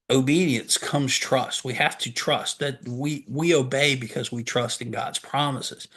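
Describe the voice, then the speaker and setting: A man's voice: mid-range voice, a bit bright, breathy edge. A man preaching a sermon, reading scripture aloud and stopping to explain it, posing questions and answering them himself. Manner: earnest, reads scripture aloud and stops to explain it. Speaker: pastor.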